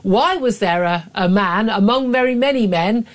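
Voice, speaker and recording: A woman's voice: medium pitch, moderate pace. A woman, a middle-aged talk radio host, delivering emphatic, opinionated commentary with frequent restarts.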